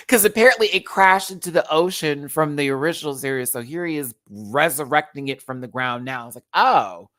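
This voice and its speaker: Woman host with a very low voice, animated, swears and laughs, rants about episodes on a dry mic. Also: normal speed, hardly any pauses, dry recording. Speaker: host of a live recap show. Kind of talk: casual ranting commentary.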